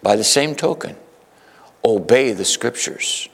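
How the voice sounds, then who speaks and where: A man of middle pitch preaching a sermon, pushing hard in some passages and easing into calm comfort in others. His delivery is emphatic and direct, as if to a congregation. A long reverb from a large church hall trails each phrase. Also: a little slow, vocal fry, breathy edge. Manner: emphatic, shifting between urgent and soothing. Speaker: pastor.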